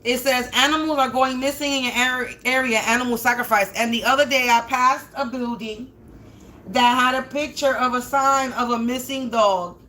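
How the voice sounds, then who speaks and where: This spiritual reader's voice is high, steady and sharp, at normal speed, with a little hiss or hum in the audio. Livestreaming a tarot-style reading, she swears heavily and rambles indignantly, stuttering and restarting.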